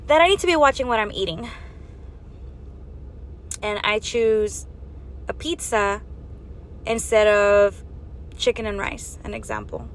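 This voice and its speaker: A woman's voice: medium pitch, fairly bright tone, slight background noise. A woman giving an earnest faith and health talk, exhorting her listeners with strings of rhetorical questions. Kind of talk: preaching monologue.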